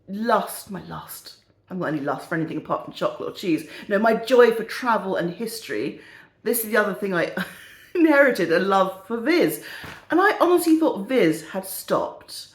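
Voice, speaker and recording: Rambling middle-aged woman, roomy sound. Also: medium pitch. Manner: rambling, giggly, jokey. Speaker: perfume vlogger. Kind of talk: casual chat.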